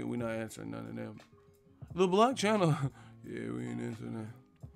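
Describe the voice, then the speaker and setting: A man's voice: mid-range voice, gravelly, a bit bright. A man hosting a boxing live stream, reading chat questions and answering in a brash, mocking, profane trash-talk manner.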